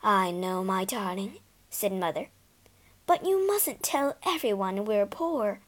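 A woman voicing a gentle, worried mother who speaks softly and lower than the narration. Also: lively intonation, takes it slowly. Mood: tender. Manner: soft and hushed.

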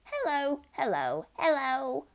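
A high, bird-like parrot, as a woman puts it on calls out in slow, repetitive, drawn-out phrases. The voice swoops widely and sounds set back from the listener, like a bird in another room of the storybook house. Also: sing-song, exaggerated voice. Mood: chirpy calling. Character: squawking pet parrot that mimics voices.

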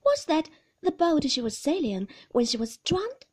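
A woman's voice: sits high, sing-song, measured pace, voice pushed up. A woman reading the part of a shy young woman who asks eager, nervously curious questions in a storybook reading.

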